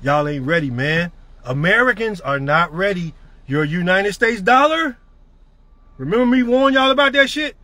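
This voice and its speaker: Middle-aged guy yelling motivation, cussing a lot, really high bright voice. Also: expressive, normal speed. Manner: profane, emphatic, preachy. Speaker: network marketing leader. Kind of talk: motivational rant.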